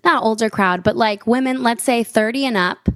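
High-voiced profane woman comedian. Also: normal speed, no echo. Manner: animated, profane storytelling with acted-out bits. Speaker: stand-up comedian, guest. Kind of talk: casual podcast chat.

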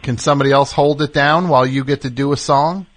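A man's voice: medium pitch, quick pace, dry recording. A man hosting a call-in radio show in a loose, rambling way, with plenty of ums and restarts. His voice sits in the middle range and is recorded close and dry in a studio. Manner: relaxed, rambling, many fillers. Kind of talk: casual call-in chat.

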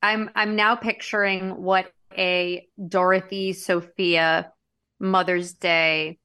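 A woman's voice: on the low side, flat delivery, slow pace, pushed and bright. A woman co-hosting a podcast in enthusiastic, earnest casual chat. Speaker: podcast co-host.

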